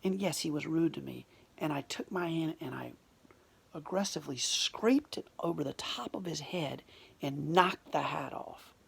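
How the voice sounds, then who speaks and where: A woman telling a personal story in an emotional, confessional way, often dropping to a hushed near-whisper. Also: sits low, normal speed, gravelly, breathy edge.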